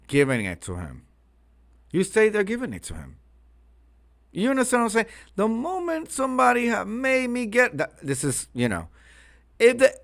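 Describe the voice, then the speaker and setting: A man's voice: a little high, a bit bright. Crude, sarcastic man doing commentary. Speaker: commentary host. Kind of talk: reaction commentary.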